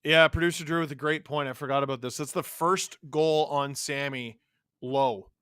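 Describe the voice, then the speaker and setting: Man, live hockey watch-along host, excitable, slightly high voice, bright tone. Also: moderate pace, clear, resonant tone, dry recording, clean studio sound. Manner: excitable, reacts loudly to plays, reads out chat messages. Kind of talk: live watch-along commentary and chat replies.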